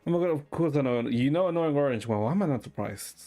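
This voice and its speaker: A man streaming and chatting with viewers in a deadpan, rambling way, swearing now and then. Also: a little high, quick pace, faint music behind. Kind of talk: casual chat with viewers.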